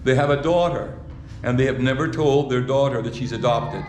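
A man preaches in a mid-pitched voice, restarting phrases and putting rhetorical questions to his congregation. The sound is roomy and echoey, with faint ambience behind him. His delivery sounds like a live sermon in a church hall. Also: moderate pace, darkish tone, slight background noise. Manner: repeats words, asks the congregation rhetorical questions.

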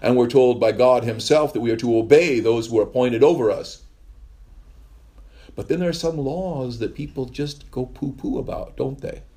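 Husky-voiced man preaching a rambling sermon. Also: medium pitch, moderate pace, mellow. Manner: rambling, storytelling with wry asides. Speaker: pastor. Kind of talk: conversational sermon.

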